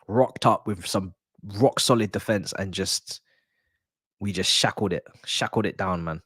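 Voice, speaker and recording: A man's voice: sits low, measured pace, husky, dry recording, clean studio sound. Young man chatting over football. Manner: laughing, nostalgic banter with slang, loud bursts at near-misses. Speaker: watch-along streamer. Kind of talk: casual football watch-along chat.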